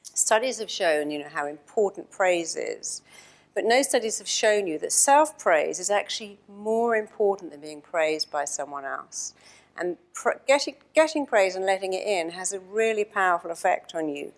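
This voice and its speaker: A woman with an English accent giving a storytelling keynote talk to an audience, animated and acting out the dialogue. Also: mid-range voice, normal speed. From England. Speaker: motivational speaker. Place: stage before an audience.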